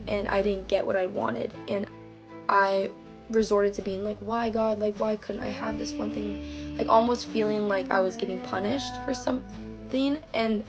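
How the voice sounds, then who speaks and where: A woman's voice: medium pitch, fairly even intonation, unhurried, muffled recording, music in the background. A young woman giving a rambling personal faith testimony straight to her viewers, saying "like" a lot and talking to them as "you guys". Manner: rambling, heavy use of "like", addresses viewers directly. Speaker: faith vlogger. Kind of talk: casual personal testimony to camera.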